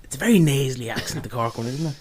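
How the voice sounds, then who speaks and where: Sex: man. Role: podcast host. Pitch: medium. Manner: slow, filler-heavy introductions. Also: animated, a little mellow, a little hiss or hum. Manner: introduces segments slowly, with many "um"s. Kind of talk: casual sports chat.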